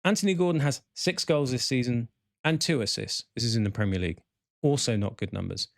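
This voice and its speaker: A man's voice: mid-range voice, fairly quick, creaky, no echo, studio quality. A man hosting a live podcast in a chatty, rambling way, correcting himself and reading out viewer comments. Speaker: podcast host. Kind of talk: casual live podcast chat.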